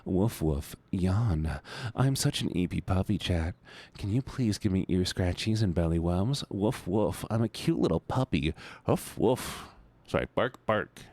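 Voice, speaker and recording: A man voicing a sleepy, cute male puppy in a soft, cutesy way, with barks mixed in. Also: deep voice, expressive, measured pace, no echo, exaggerated voice.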